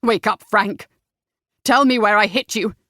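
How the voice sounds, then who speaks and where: An urgent young gentleman barks orders in an audiobook scene, as a woman narrator plays him. He speaks with force and worry, close and dry. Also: medium pitch, unhurried, no echo, natural voice. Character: young gentleman, anxious and commanding.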